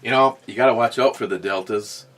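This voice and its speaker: A man's voice: medium pitch, a little fast, fairly bright tone. Rambling man telling a story casually. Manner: rambling storyteller with many restarts and fillers. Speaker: podcast host. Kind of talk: casual chat, reading out live chat comments.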